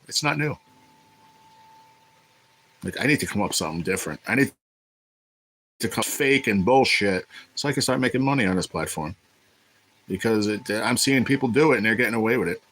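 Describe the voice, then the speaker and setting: A man's voice: lowish voice, fairly bright tone, low-quality recording. A man hosting a casual livestream, talking in a blunt, profane, irritated way. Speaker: livestream host.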